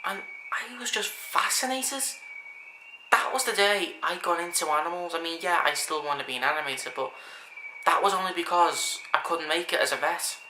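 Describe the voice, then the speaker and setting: Talking casually to the camera, a male vlogger speaks at normal speed in a fairly high voice, earnest and rambling, often restarting his sentences. The room is echoey, with a faint hiss in the background.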